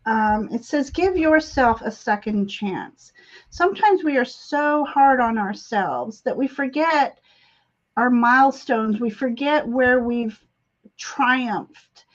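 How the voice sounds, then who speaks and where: A woman hosting a live tarot reading, speaking gently and affirmingly with frequent pauses and fillers. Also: fairly high pitch, dull audio. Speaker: tarot reader and live stream host. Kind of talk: intuitive card reading on a live stream.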